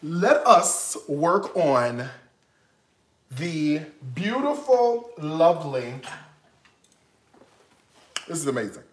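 A man hosting a live-stream cooking show, excitable and playful, swinging from hushed asides to loud bursts. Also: on the high side, slow, pauses often. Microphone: live-stream setup.

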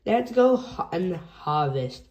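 A cheerful, helpful granny pig from a storybook, as a woman reads her aloud. She encourages the children in a soft, mellow, slow voice. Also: fairly low pitch, animated, highs cut off. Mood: encouraging.

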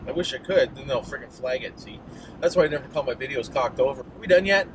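A middle-aged Canadian man vlogs while driving, ranting quickly in a medium-pitched voice. His casual rant is folksy, profane, and mock-worked-up, recorded amid noisy interior sound in a moving car.

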